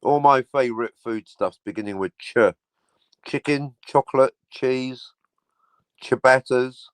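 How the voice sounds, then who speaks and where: A man's voice: mid-range voice, unhurried, clean tone, dry recording. A man hosting a casual livestream, talking in a sardonic, sweary way and slipping into mock announcer asides. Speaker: livestream host.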